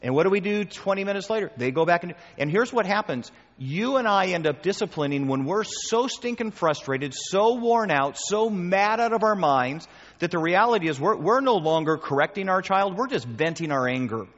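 A man preaching a sermon and taking questions, animated and emphatic, acting out the voices he quotes. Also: high-pitched, moderate pace. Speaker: pastor. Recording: dull sound with long hall reverb.

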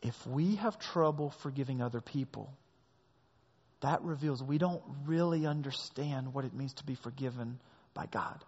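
A man's voice: medium pitch, moderate pace, a little mellow, breathy edge. A man preaching a sermon as pastor, leaning hard on key words, recorded in a large hall with a long echo and a dull sound.

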